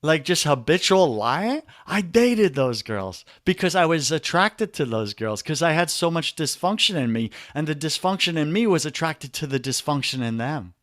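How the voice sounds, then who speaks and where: A man with a New York accent talks in a fired-up, preachy coaching style, leaning hard on his points. His voice sits a touch higher than most men's. The sound is dry and close, with no room echo. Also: big pitch swings, moderate pace, few pauses, a bit bright. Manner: emphatic, preachy, calls listener brother. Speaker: podcast guest, men's coach. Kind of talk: energetic motivational talk.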